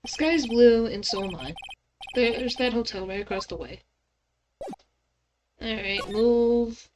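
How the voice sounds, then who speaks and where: A woman's voice: a little high, expressive, normal speed, darkish tone, slight background noise, rough recording. A woman streamer playing a game and reading its dialogue aloud, with casual mumbled asides. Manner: casual, mumbled asides between read lines. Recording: music playing behind.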